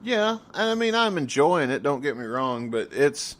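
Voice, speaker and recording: A man's voice: on the high side, sing-song, normal speed, fairly bright tone. A man from the southern United States co-hosting a podcast, chatting loosely, laughing often and tripping over repeated words. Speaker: podcast co-host. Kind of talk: casual chat.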